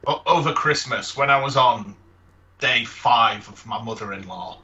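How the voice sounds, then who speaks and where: A man's voice: mid-range voice, a little slow, far from the mic, highs cut off, noisy background. A man telling a comic, exasperated holiday story in casual podcast chat. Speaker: podcast co-host.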